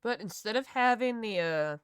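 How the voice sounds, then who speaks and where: A woman's voice: a little high, lively intonation, moderate pace, clear, resonant tone, no echo, studio quality. A woman with a Southern US accent chatting casually on a live stream while she draws, rambling, laughing and swearing freely. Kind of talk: casual chat while drawing.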